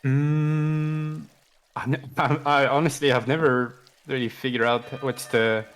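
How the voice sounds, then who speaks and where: A man's voice: mid-range voice, level tone, unhurried, a bit bright, clean tone, low-quality recording. Laid-back male analyst. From France. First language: French. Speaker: co-caster, game analyst. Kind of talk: game commentary.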